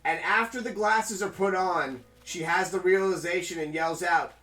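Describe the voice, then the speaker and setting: A man's voice: high-pitched, normal speed, bright, forceful tone. A man live-streaming a game, rambling casually to his chat in a loose, chatty way.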